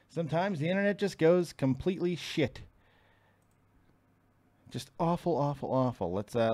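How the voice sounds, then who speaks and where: A male host speaking on a desk mic at home, dry and close with no room echo. His pitch swings a lot, and he curses freely when he is annoyed. The talk is loose and unscripted. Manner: frustrated, swears a lot. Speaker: podcast host. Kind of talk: casual live stream chat.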